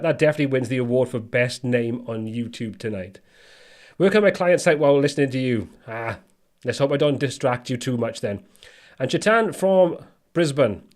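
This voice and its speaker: A man hosts a live stream, greeting viewers and chatting freely. His voice sits at a middle pitch, relaxed and conversational. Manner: chatty, reads viewer comments aloud. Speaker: livestream host. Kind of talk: casual live-stream chat.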